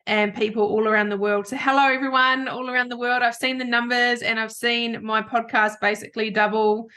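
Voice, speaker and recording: A woman's voice: a little high, steady tone, fairly quick, hardly any pauses, sharp tone. A woman hosting a podcast, bubbly and self-deprecating, chatting casually with a guest. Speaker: podcast host.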